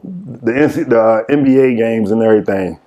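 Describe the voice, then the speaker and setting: A man's voice: mid-range voice, fairly quick, mellow, muffled recording. A man guest on a podcast, telling old basketball stories in a casual way and laughing through them. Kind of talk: casual storytelling.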